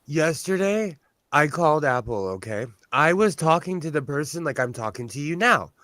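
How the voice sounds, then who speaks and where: Casting note: chatty, blunt man, slightly high voice, dry close recording. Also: big pitch swings, moderate pace, bright, forceful tone, no echo. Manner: talkative, blunt, self-deprecating. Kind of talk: casual chat. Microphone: on-camera mic.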